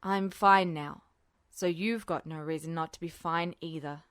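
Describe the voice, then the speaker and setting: A woman's voice: steady tone, a little slow, fairly bright tone, clear, resonant tone, no room sound. Woman voicing a weary, wry army officer. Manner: low, dry, wry understatement. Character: weary adult male army officer, dry and protective. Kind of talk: podfic reading.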